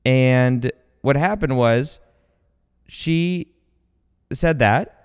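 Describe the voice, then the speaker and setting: A man hosting a podcast, telling stories in a casual, rambling, energetic way with many fillers and restarts. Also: medium pitch, very slow, clean tone. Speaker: podcast host. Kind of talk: casual storytelling monologue. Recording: long hall reverb.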